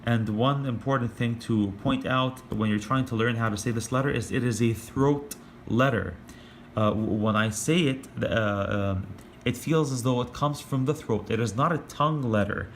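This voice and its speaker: A man in the middle of his natural pitch range gives a casual online lesson, pausing often with fillers and restarting sentences. He slows right down whenever he demonstrates a sound. A faint hum of room ambience sits behind him. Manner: hesitant, many fillers and restarts. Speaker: language teacher.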